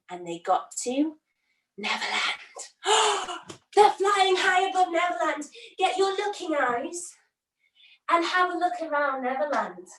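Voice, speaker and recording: High, unhurried female kids yoga teacher, storyteller energy, recorded far off in an echoey room. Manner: animated, gasping with wonder. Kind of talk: story-led yoga lesson for children. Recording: roomy, from a distance.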